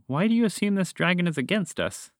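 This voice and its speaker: A man's voice: sits high, expressive, fast, no room sound, clean studio sound, pitched above the performer's own voice. A man voicing a caring, reassuring mother in a children's storybook podcast.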